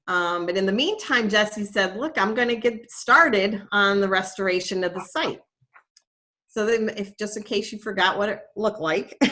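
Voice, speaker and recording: A woman's voice: mid-range voice, a bit bright. A middle-aged woman, a nature preserve educator, telling a story in a casual, chatty way, with plenty of fillers and self-corrections.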